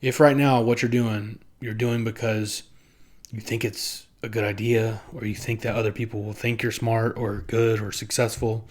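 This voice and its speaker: A young man talks casually to camera in a rambling, profane, self-mocking way, laughing often and briefly acting out other people in quick put-on voices. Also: on the low side, level tone. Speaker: vlogger.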